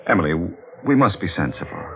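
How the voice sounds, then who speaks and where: An actor playing an earnest young man, calm and gently apologetic, in 1940s radio drama style. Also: deep voice, fast talker, vocal fry, muffled recording. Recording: scratchy radio broadcast with crickets behind.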